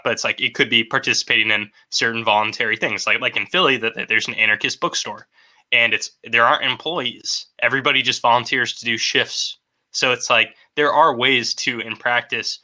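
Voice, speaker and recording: A man's voice: fairly low pitch, sharp tone. A man co-hosting a podcast in casual chat, rambling in a loose, informal way. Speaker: podcast co-host.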